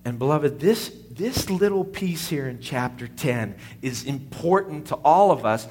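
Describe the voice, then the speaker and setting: A man's voice: on the high side, expressive, unhurried, a little mellow, slight background noise. A male pastor preaching a sermon, with call-and-response asides to his congregation.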